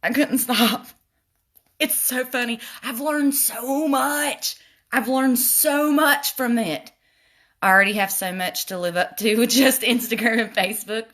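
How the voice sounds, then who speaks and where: Bright, chatty woman doing a makeup livestream. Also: a little high, measured pace. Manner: chatty, goes off on laughing tangents; talks straight to viewers, addressing them as y'all. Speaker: makeup vlogger. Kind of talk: casual makeup tutorial livestream chat.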